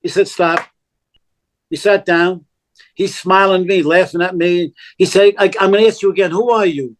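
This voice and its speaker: An older man tells a story as a podcast guest, with a voice set high for a man. He talks bluntly and often swears. He acts out every line of dialogue in the story. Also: normal speed. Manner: animated, acts out quoted dialogue, blunt and profane. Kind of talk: casual storytelling.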